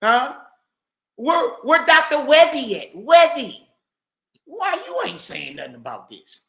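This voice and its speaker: A man giving heated, mocking reaction commentary, repeating himself and bursting into shouts. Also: very high-pitched, sing-song, measured pace, gravelly. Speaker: online commentator. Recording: roomy echo.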